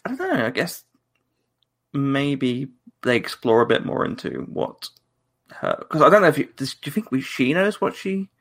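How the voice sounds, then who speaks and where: A man's voice: on the high side, vocal fry, fairly bright tone. A man co-hosting a live-streamed fan podcast in casual chat. He rambles, laughs often and restarts his sentences. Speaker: podcast co-host.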